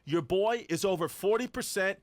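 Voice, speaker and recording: A man's voice: sits high, normal speed, dry recording. A man in his forties co-hosting a comedy podcast, rambling with restarts and swearing freely. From Brooklyn. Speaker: podcast co-host. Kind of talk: casual comedic banter.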